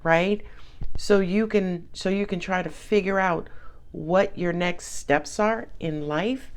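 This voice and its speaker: A woman's voice: lowish voice, slow pace. A woman giving a casual tarot reading, chatty and sassy, with frequent laughs. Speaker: tarot reader.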